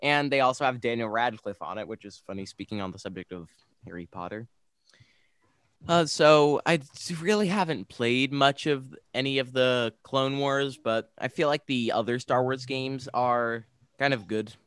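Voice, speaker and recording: A man's voice: mid-range voice, normal speed, fairly bright tone, clear, resonant tone, no echo, clean studio sound. A young man co-hosting a casual podcast, talking enthusiastically and rambling with frequent restarts. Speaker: podcast co-host. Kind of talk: casual podcast chat about games.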